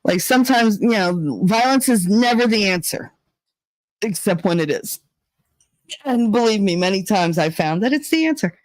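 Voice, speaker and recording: A woman's voice: medium pitch, animated, moderate pace, dry recording, low-quality recording. A woman hosting a casual talk show, telling a story in a blunt, profane, swaggering way. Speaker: podcast host.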